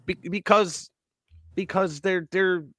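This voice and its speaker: A man hosting a live news talk stream, talking in a casual, mocking way and swinging between loud remarks and muttered asides. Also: high-pitched, fairly even intonation, slow pace, no echo.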